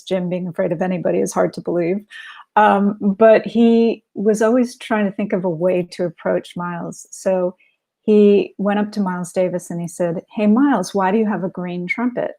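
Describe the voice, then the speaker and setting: Mellow-voiced woman telling lively anecdotes. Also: mid-range voice, moderate pace, vocal fry. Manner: animated anecdotes, laughs often. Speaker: guest, photographer's estate heir. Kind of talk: casual storytelling interview.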